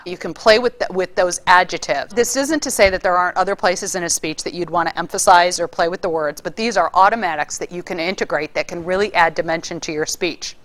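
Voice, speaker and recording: Lively woman teaching vocal delivery. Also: lowish voice, brisk, hardly any pauses. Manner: lively, demonstrates vocal delivery with varied emphasis. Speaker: public speaking instructor. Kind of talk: casual spoken lesson.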